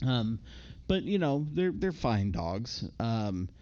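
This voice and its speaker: A man's voice: mid-range voice, big pitch swings, takes it slowly, a little mellow, dull audio. A man co-hosting a podcast, recapping a movie in a rambling casual chat with frequent laughs. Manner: rambling, laughs often, slips into impressions.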